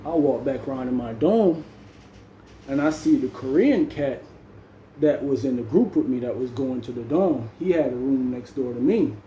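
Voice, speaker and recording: A man's voice: medium pitch, lively intonation, moderate pace, mellow, reverberant, highs cut off, slight background noise. A man with a Jamaican accent telling a story in casual slang, dropping "man" into nearly every sentence. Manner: slangy, peppers speech with "man". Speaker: storyteller vlogger.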